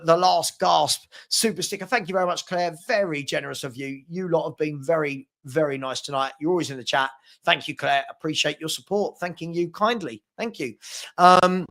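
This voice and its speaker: Chatty male stream host, slightly high voice with some fry. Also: a bit bright. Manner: chatty, thanks viewers by name. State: hiccups. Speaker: fan channel host. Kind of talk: casual live-stream chat.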